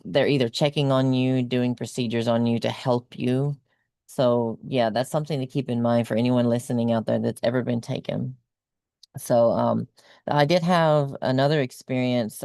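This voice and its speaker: A woman's voice: rumbling low, gravelly, dark tone, no echo, clean studio sound. A woman guest on a video call, casually recounting a personal experience in a rambling way, with lots of ums and likes.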